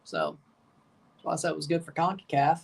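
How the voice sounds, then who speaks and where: A woman's voice: low voice, very animated, fairly quick, creaky, a little mellow, husky, recorded from a distance. A woman hosting a live match watchalong, chatting casually and calling the plays in short bursts.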